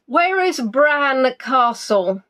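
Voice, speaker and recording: A woman's voice: big pitch swings, extremely slow, a bit bright. A woman hosting a live online quiz, chatting with players and teasing them as she reads out their answers. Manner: teasing, chatty, reads out names and answers with big pitch swings.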